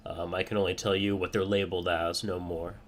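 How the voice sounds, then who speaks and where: A man doing a gruff thieves'-guild guard: low, plain, businesslike, slight background noise. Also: level tone, a little fast, lightly acted. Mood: matter-of-fact. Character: gruff armored male thief-guild guard.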